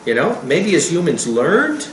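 Animated preacher with a lively voice. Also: male voice, a little high, unhurried, roomy sound, a little hiss or hum, poor audio. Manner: animated, acts out quotes. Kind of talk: sermon.

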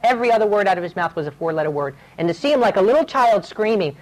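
A man's voice: high voice, lively intonation, racing, rough recording. Man, preacher, sermon, earnest, urgent, storytelling. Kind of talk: sermon with personal stories.

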